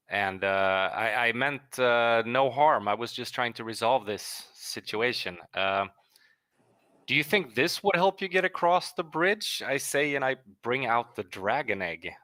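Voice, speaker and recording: Male tabletop player, bright forceful tone, polite and halting. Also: mid-range voice, lively intonation. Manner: polite, apologetic, hesitant with restarts. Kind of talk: tabletop role-play.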